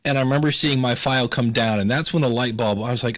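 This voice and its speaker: Animated storytelling man from Ohio. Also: medium pitch, fast. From Ohio, USA. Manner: animated storyteller, acts out quoted voices. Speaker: podcast consultant, guest. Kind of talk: casual interview talk.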